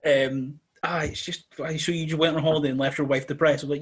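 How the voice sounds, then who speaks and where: Sweary man, husky voice. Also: a little high, fast talker. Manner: sweary, jokey, animated. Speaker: podcast co-host. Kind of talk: casual chat.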